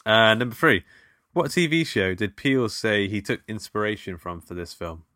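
A man with a lowish voice and bright, forceful tone is chatting on a film podcast. He runs a trivia round with playful teasing. The recording is dry and close. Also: lively intonation, normal speed, no room sound. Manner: quizzing with playful banter. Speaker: podcast co-host. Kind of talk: casual film podcast chat.

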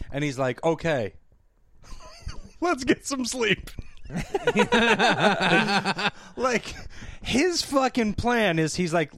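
A man's voice: high-pitched, huge pitch swings, slow pace, gravelly, pauses often, fairly bright tone. A man on a podcast, recapping a movie as a casual comedic chat, acting out the characters, laughing often and swearing.

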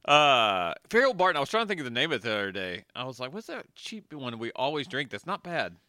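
A man's voice: medium pitch, very animated, quick pace, bright, forceful tone, no echo, studio quality. A man hosting a podcast in casual chat, rambling and joking and laughing often. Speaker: podcast host.

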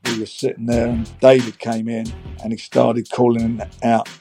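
A man's voice: medium pitch, monotone, moderate pace, mellow, faint music behind. A man speaking as a boxing promoter in a documentary interview, recounting events in a matter-of-fact way.

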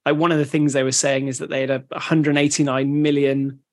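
Male podcast co-host, gravelly, loose and rambling. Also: fairly high pitch, little pitch movement, fairly quick. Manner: rambling, with frequent restarts. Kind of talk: casual educational chat.

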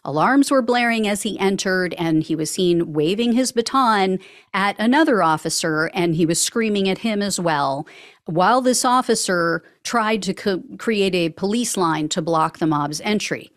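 A woman's voice: medium pitch, animated, normal speed, no room sound, studio quality. A woman hosting a news podcast, recapping court cases in a conversational way with sarcastic asides. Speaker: podcast host. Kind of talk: news commentary reading quotes.

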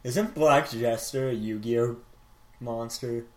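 A young man co-hosting a casual gaming podcast, laid-back and quick to laugh, mostly tossing in short agreeing replies. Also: mid-range voice, a little mellow. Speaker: podcast co-host. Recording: echoey room.

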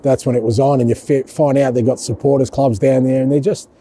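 A man's voice: medium pitch, little pitch movement, fast, warm tone, slight background noise. A middle-aged Australian man, a football manager, chatting casually and animatedly, often calling people mate. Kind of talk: casual chat.

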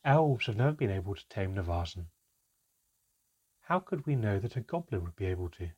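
A sorrowful, reluctant elf speaks in slow, measured, halting phrases, as a man puts him on, low and a little husky, for a storybook read aloud. The tone is grave, like a confession dragged out of him. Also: sing-song, a little mellow. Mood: defensive.

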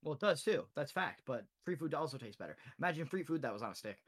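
A young man chatting casually about a tabletop game with friends, animated and laughing, swearing freely. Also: on the high side, fast, breathy edge. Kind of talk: casual chat.

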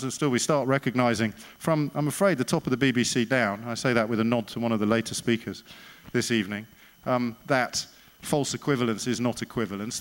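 A man delivers a speech to an evening crowd in a voice of ordinary, middling pitch. He is sardonic and emphatic, asks pointed rhetorical questions, and slows down to land his punchlines. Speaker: speaker at an evening event. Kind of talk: public speech with anecdote.

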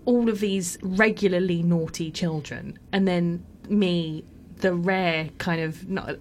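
A woman's voice: fairly low pitch, steady tone, takes it slowly, a little mellow, slight background noise. A young woman telling a story in casual chat, often laughing, with lots of fillers.

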